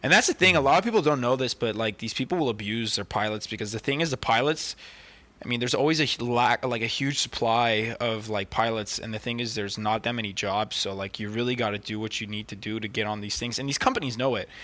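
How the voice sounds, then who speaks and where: A man's voice: mid-range voice, fast, pushed and bright. A man co-hosting a podcast, telling stories in casual chat, swearing often and filling with "like" and "dude". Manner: profane, filler-heavy storytelling. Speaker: podcast co-host.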